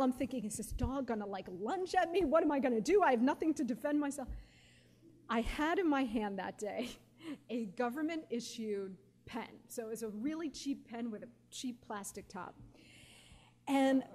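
A woman in her forties, speaking at a fairly high pitch, tells stories as a guest speaker at a live question-and-answer session. She's animated, laughs often, and uses lots of casual fillers.

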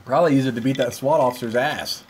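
A man's voice: mid-range voice, fast talker, a little mellow, a little hiss or hum. A man wisecracking crudely while friends play a video game. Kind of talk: casual gaming banter.

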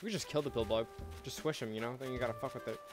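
A man's voice: mid-range voice, racing, faint music behind. A man giving casual, laid-back gameplay commentary, chatting to viewers and swearing freely. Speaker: let's play host.

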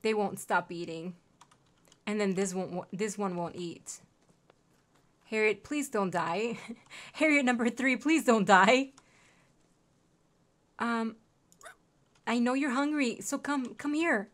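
A woman's voice: fairly high pitch, slow pace, long pauses, a bit bright. A young woman streaming a game, chatting casually and cooing at her in-game pets. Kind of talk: casual gameplay commentary.

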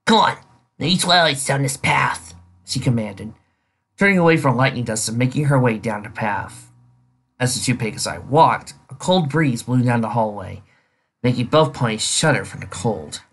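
A man narrating his own fan story in a slightly husky voice. His delivery is animated and lively, rising and falling through the lines at an even middle pitch. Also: normal speed. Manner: expressive, animated reading. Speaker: fan fiction author and reader.

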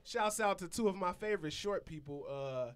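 Deadpan joking man on a podcast. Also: high-pitched, moderate pace, a crowd in the background. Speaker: podcast co-host. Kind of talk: casual chat.

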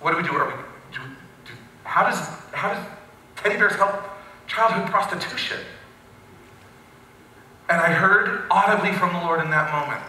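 A male pastor telling a story in a sermon, animated and with wry asides. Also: sits high, moderate pace, pauses often, slight background noise. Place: church sanctuary. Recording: very echoey hall, from a distance.

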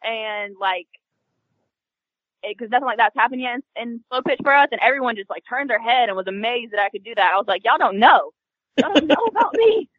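High-voiced young Southern woman, chatty. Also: fast talker, dry recording, highs cut off. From North Carolina, USA. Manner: chatty, upbeat, with many fillers. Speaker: guest. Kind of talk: casual interview chat.

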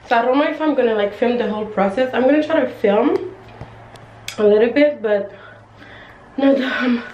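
A woman's voice: on the high side, warm tone, lo-fi sound, slight background noise. A young woman chatting casually in her beauty vlog, rambling and often calling out to her viewers. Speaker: beauty vlogger.

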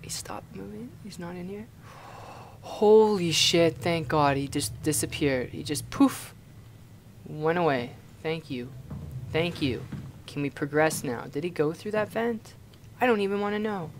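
A man's voice: a little high, animated, a little slow, slight background noise. A young man from Canada playing a horror game and commenting in a panicky, swearing way, often repeating himself in frantic bursts. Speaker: gaming YouTuber.

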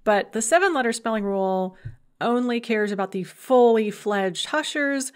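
A woman's voice: fairly high pitch, unhurried. A woman giving a recorded university language lecture, patiently explaining grammar with examples and light humorous asides. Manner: patient, explanatory, gives example words then translations.

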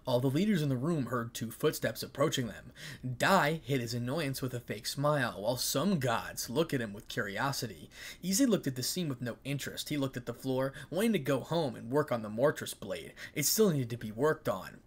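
A man reading a fan story aloud in a plain, even way, with small slips. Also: mid-range voice, fairly quick, breathy edge.

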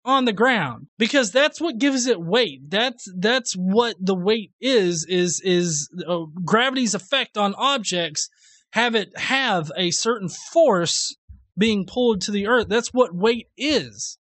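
A man's voice: high-pitched, expressive, slow, a bit bright, no echo. A man hosting a reaction commentary video, sarcastic and profane, laughing often at what he responds to.

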